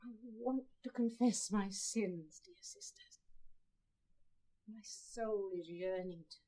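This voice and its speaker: An actress in a vintage radio play voicing a passionate, impulsive sister who confesses in urgent, quick bursts. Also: female voice, mid-range voice, a bit bright, close to an everyday voice.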